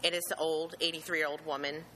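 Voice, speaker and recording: A young woman nervously recounting a frightening event she saw, halting and earnest, with many pauses and restarts. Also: low voice, flat delivery, fairly bright tone, a little hiss or hum, poor audio. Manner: earnest and emotional, with religious gratitude. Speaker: eyewitness telling her story. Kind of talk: personal account, unscripted.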